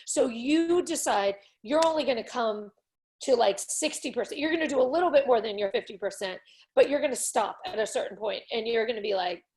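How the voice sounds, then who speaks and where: A woman talks a parent through play strategies in a loose, conversational way. Her voice sits a little high. She slips into quick acted-out lines to show what to say. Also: a little mellow. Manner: encouraging, acts out scenes with playful voices. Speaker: parent coach. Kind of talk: coaching conversation.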